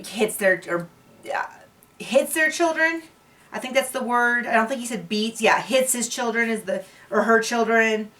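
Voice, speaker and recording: A woman chats through a reality show recap in a loose, giggly way, trailing off and restarting her sentences. Her voice sits at a middling pitch for a woman. She sounds a little distant from the microphone. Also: a bit bright. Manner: chatty, giggly, many fillers and restarts. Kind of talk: casual TV recap chat.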